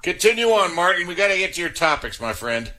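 A man hosting a call-in sports radio show, chatty and quick to joke with callers. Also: sits high, big pitch swings, pushed and bright.

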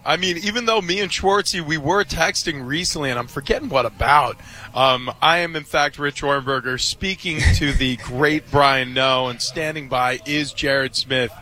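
A man's voice: on the high side, moderate pace, sharp tone. A man co-hosting a sports radio show, talking in a rambling, enthusiastic way.

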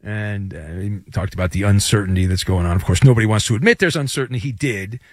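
A man's voice: fairly low pitch, fast talker, no room sound. A man hosting sports radio, giving a sarcastic, joking monologue from the studio. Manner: sarcastic, joking, lively delivery.

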